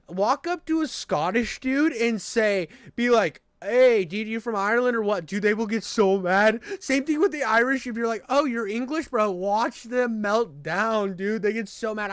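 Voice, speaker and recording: Male streamer, high and smooth, dry sound, rambling and profane. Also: fairly bright tone, no echo. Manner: rambling, profane, calls everyone dude. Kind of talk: casual live-stream chat.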